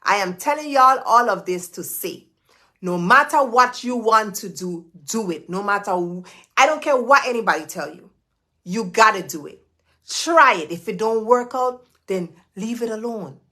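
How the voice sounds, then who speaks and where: A woman's voice: mid-range voice, lively intonation, moderate pace, bright, forceful tone. An emphatic woman coaches her live viewers in a preachy, motivational way. She hammers her points home by saying them twice, sometimes three times. She talks straight to the audience as their business coach. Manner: emphatic, repeats key phrases, preachy.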